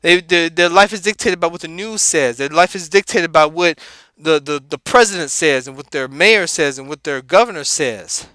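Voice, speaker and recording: A man putting on a laid-back, high-voiced, street-talking comedic character, delivering an animated, preachy motivational rant that rattles off repeated words. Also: moderate pace, smooth, no room sound.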